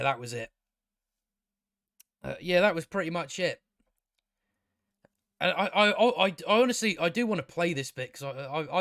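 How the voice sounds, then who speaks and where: A man's voice: fairly high pitch, vocal fry, a bit bright, dry recording, studio quality. A man giving a casual, ranting review of a show, blunt, sarcastic and profane, often restarting his sentences.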